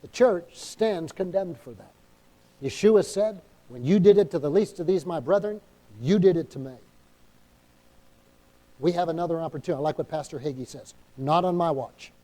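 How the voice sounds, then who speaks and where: A man's voice: a little high, animated, moderate pace, long pauses, mellow. A man preaching a sermon as pastor, emphatic and calling for amens, acting out little inner dialogues, with a New England accent. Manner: acts out quoted inner dialogue.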